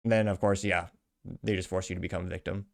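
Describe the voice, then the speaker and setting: A man hosts a commentary show with a somewhat low voice. He reads viewer comments aloud and answers them in an indignant, sarcastic rant. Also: little pitch movement, quick pace, vocal fry. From United States. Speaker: host. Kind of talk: commentary reading social media comments.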